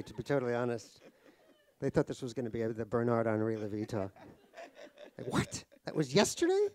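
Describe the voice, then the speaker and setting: A man's voice: mid-range voice, creaky, darkish tone. A middle-aged man, an author telling comic stories about himself at a live talk. He is wry and self-deprecating, laughs at his own jokes, and rambles through fillers and restarts. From United States (New York). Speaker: author guest in a stage conversation. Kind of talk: comic anecdotal storytelling. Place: live talk at a cultural center.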